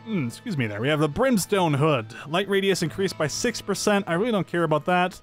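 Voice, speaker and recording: A man's voice: high-pitched, animated, fairly quick, soft background music. A man giving upbeat, chatty let's-play commentary, thinking aloud as he plays. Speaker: gameplay commentator.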